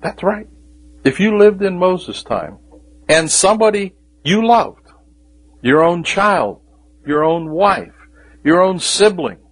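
A man delivers a sermon in a husky voice. He lets his phrases hang in dramatic pauses and pushes his questions up with emphasis. At times he drops almost to a whisper. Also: a little high, low-quality recording. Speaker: preacher.

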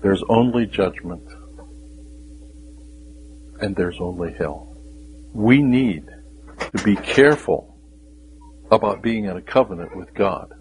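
A man preaching a sermon, with dramatic pauses and emphatic rising questions, sometimes dropping to a whisper. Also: deep voice, darkish tone, slight background noise, poor audio.

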